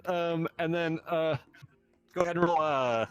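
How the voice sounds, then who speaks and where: A man narrating as game master, halting with many fillers and laughs. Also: on the high side, clean tone, soft background music. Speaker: dungeon master.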